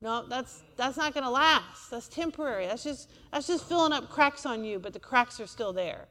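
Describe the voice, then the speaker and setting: A woman's voice: on the high side, lively intonation, moderate pace, pushed and bright, in a large hall. A woman preacher, delivering a sermon in a church and asking the congregation for amens. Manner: call-and-response preaching, asks for amens.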